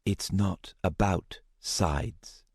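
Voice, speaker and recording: A male narrator voicing a calm, gentle young woman with a soft voice. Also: low-pitched, very slow, slightly rough, no room sound, clean studio sound, heavily acted. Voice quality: soft-spoken.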